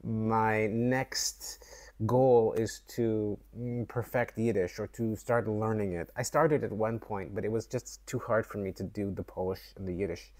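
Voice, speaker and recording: A man from Canada talking slowly and thoughtfully to camera in a reflective vlog, with fillers and restarts. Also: lowish voice, steady tone, a little mellow. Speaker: vlogger.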